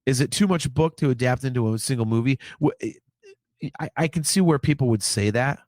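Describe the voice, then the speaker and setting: A man's voice: mid-range voice, fairly quick, darkish tone, no echo, clean studio sound. A man co-hosting a podcast, talking in casual chat, rambling and repeating his words as he argues a point. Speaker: podcast co-host.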